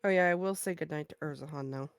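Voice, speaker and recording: Smooth, low-voiced woman player. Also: quick pace, no echo, clean studio sound. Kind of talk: tabletop game play, casual.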